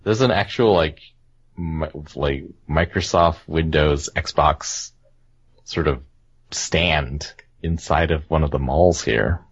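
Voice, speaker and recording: A man's voice: a bass voice, slow, slightly rough. A man hosting a casual gaming podcast, rambling and laughing often. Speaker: podcast host. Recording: dull lo-fi podcast audio.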